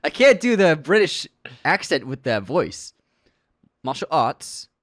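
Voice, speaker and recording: A man's voice: on the high side, wildly swooping pitch, a little slow, a bit bright, no room sound, clean studio sound. A man co-hosting a casual movie podcast. He laughs a lot as he reads listener comments aloud. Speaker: podcast co-host.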